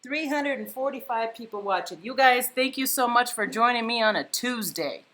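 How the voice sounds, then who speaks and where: A woman's voice: a little high, moderate pace, pushed and bright. Woman host, live painting stream from home, chatty, thinks aloud, reads comments. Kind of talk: casual chat while painting live. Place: home, indoors.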